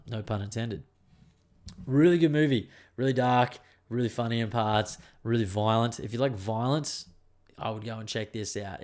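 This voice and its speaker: A man hosting a podcast on his own, chatting casually in a rambling, sweary, laid-back way. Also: lowish voice. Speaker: podcast host. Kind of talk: casual solo podcast chat.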